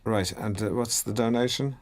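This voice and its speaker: A man's voice: fairly low pitch, fairly even intonation, moderate pace, natural voice. An actor playing a pompous, awkward middle-aged local radio host who fumbles, restarts and corrects himself as he chats on air. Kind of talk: comedy radio show banter.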